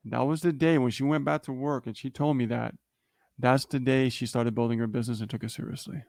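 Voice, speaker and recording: A man's voice: mid-range voice, fairly even intonation, fairly quick, gravelly, a little mellow, dry recording, clean studio sound. A man co-hosting a livestream, telling a story in a casual motivational way and often checking in with "okay?" and "right?". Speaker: livestream co-host.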